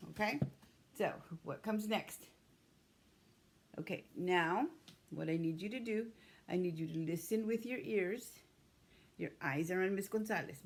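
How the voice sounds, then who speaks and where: Slow, patient woman teaching young kids. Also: medium pitch. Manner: slow, patient, sounding out letters and words. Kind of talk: early-grade writing lesson.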